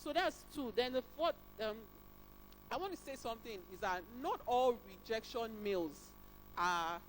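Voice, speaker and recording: Female HR speaker, lively and emphatic, a bit high-pitched, light background noise. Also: normal speed, poor audio. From Nigeria. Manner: animated, acts out dialogues with emphatic pitch jumps. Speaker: HR specialist speaker. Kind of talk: motivational career talk. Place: career fair event.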